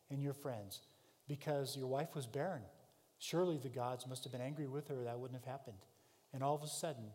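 A man preaching a sermon, telling the story with dramatic swings between loud and soft. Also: medium pitch, big-room sound. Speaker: pastor.

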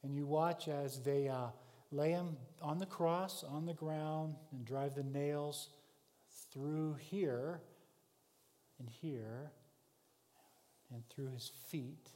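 A man preaching a sermon, telling a vivid story in the second person, rising to shouts and dropping to hushed tones. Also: on the high side, fairly even intonation, slow pace, pauses often. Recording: long hall reverb.

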